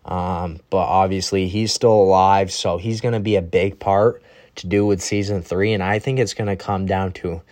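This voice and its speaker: A man's voice: sits low, fairly even intonation, normal speed, a little mellow. A young man hosting a podcast, telling a casual, rambling story and often tagging his sentences with "right?". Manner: rambling, tags lines with "right?". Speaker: podcast host.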